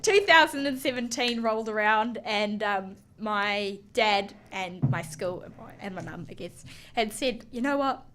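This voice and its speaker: A woman's voice: mid-range voice, a little hiss or hum. A young woman from New Zealand, a guest on an interview podcast, telling her story casually and animatedly with many ums and restarts. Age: young adult. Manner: animated, halting with fillers. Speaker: guest, snowboarder.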